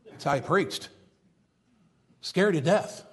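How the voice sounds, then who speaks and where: Preacher, high voice, fervent and repetitive, ramps up to loud emphatic preaching. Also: male voice, takes it slowly, background noise. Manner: reads scripture in old-fashioned wording. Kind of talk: sermon.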